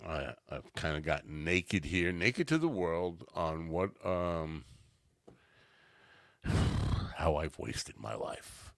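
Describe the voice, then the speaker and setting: A man's voice: low-pitched, big pitch swings, takes it slowly, pauses often, no echo, studio quality. A man hosting a casual chat show, rambling and self-mocking, easily distracted, coming down from a cannabis edible. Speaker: podcast host.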